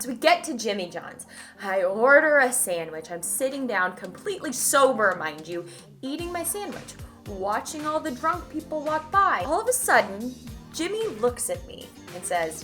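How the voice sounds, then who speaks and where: A young woman from Idaho chatting to camera, telling a dating story in a lively, talkative way. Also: medium pitch, moderate pace, faint music behind. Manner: animated, chatty, swings from loud to hushed. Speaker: vlogger.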